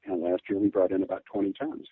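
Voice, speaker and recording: A man's voice: low-pitched, flat delivery, quick pace, husky, no room sound. A man being interviewed as an olive oil distributor, talking earnestly and enthusiastically with frequent restarts. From Midwest US. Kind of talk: podcast interview. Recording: tinny phone line.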